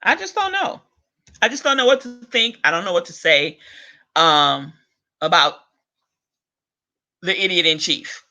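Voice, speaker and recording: A man's voice: on the high side, animated, unhurried, long pauses, bright, forceful tone. A man hosting a video rant, profane and exasperated, with chuckles between lines. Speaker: vlog host. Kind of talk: ranting monologue.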